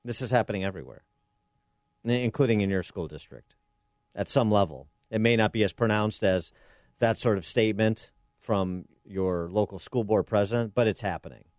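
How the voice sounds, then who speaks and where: A man's voice: on the low side, moderate pace, a little mellow, no echo, studio quality. A man hosting a talk radio show, delivering opinionated commentary and firing off repeated rhetorical questions.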